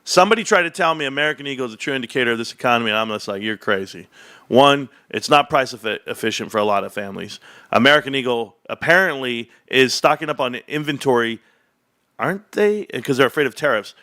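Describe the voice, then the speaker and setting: A man hosting a casual livestream, talking about stocks in an animated, boastful, rambling way. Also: medium pitch, quick pace, no echo, studio quality. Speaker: host.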